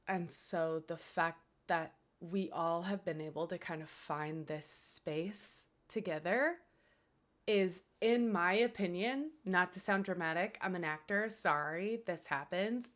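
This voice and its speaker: A young woman streaming from home, talking to her chat in an earnest, grateful, rambling way with many fillers. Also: fairly low pitch.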